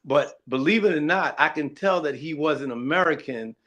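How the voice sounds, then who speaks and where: A man's voice: a little high, moderate pace, fairly bright tone. A man co-hosting a casual podcast, hesitant and repeating words as he sorts his thoughts. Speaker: podcast co-host.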